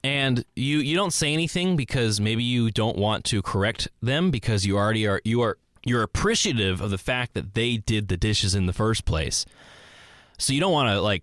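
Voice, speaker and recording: A man hosting a solo podcast, thinking out loud in a rambling way, correcting himself and acting out both sides of imagined conversations. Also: lowish voice, no room sound, studio quality. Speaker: podcast host. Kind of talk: solo reflective monologue.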